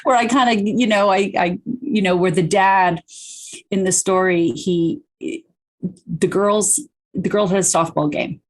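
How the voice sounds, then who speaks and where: A middle-aged woman chatting as a guest author in an interview. She talks animatedly and quickly, with many "you know"s and restarts. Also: medium pitch. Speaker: guest, children's book author. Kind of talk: casual interview chat.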